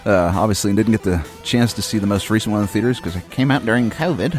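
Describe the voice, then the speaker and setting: Man from maine, 30s, let's-play host, rambling and swearing, wry, lowish voice, game music under. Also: fast. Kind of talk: casual let's-play commentary.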